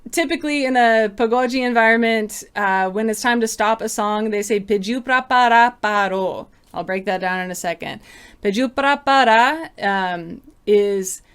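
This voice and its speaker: A woman's voice: on the high side, clear, resonant tone. A woman hosting a casual livestream lesson, explaining terms and chatting as she answers viewer comments. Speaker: samba teacher hosting a livestream.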